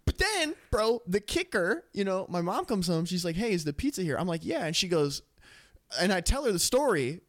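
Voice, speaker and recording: A man's voice: high-pitched, big pitch swings, normal speed. A young man co-hosting a podcast, telling a rambling, profane story full of laughter in casual chat. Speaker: podcast co-host.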